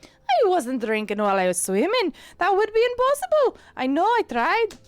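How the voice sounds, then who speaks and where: A woman's voice: very high voice, sing-song, moderate pace, dry recording, faint music behind, voice pushed up. A woman doing a cheeky Irish tomcat. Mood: teasing. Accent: put-on Irish. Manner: playful, wheedling, loud. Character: cheeky Irish male cat, joking drinker.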